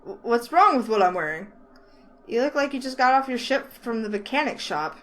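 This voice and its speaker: A woman voicing a grumpy, blunt young male store clerk with a Southern accent, flat and stubborn. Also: fairly high pitch, moderate pace, low-quality recording. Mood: defensive.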